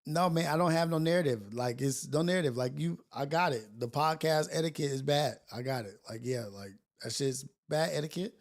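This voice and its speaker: A man with a raised pitch and a gravelly fry runs a loose morning livestream. He talks in a relaxed street-slang way, cussing freely and laughing between thoughts. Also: fairly quick, hardly any pauses. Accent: Californian English. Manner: animated, swearing, slangy, laughing often. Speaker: podcast host. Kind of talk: casual livestream talk.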